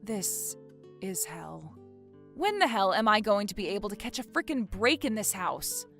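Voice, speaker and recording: A woman's voice: medium pitch, big pitch swings, normal speed, fairly bright tone, soft background music. Woman as an exasperated, indignant wife. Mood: frustrated. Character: exasperated young wife, fed up. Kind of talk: dramatized story.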